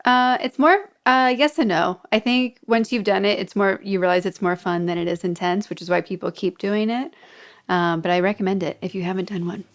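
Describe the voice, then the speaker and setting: A woman's voice: mid-range voice, fairly even intonation, fairly quick. A woman hosting a podcast in casual conversation, friendly and chatty as she tells stories and asks her guest questions. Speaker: podcast host. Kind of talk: casual interview chat.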